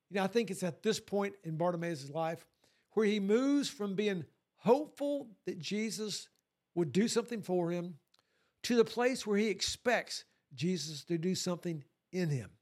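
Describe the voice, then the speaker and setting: A man preaching a sermon to his congregation, animated and lively, sometimes acting out voices. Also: high voice. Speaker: pastor.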